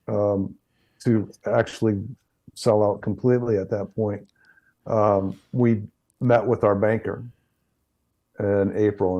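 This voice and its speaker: A man's voice: lowish voice, warm tone. A middle-aged man, a chiropractor, talking in an interview and telling anecdotes, often repeating words and restarting sentences. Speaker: chiropractor guest. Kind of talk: interview conversation.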